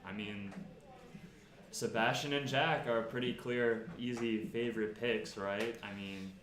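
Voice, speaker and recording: A man's voice: medium pitch, steady tone, unhurried. A man commentating a live poker tournament in a loose, joking, casual way. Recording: echoey room with background noise.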